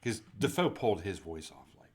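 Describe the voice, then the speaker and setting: Animated low-voiced man in casual chat. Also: brisk. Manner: enthusiastic, swears often. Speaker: podcast co-host.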